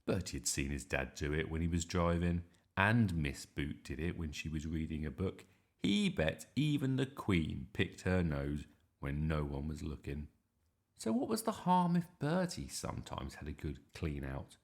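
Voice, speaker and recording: A man reading a children's story aloud in an expressive, animated way. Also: a bass voice, normal speed.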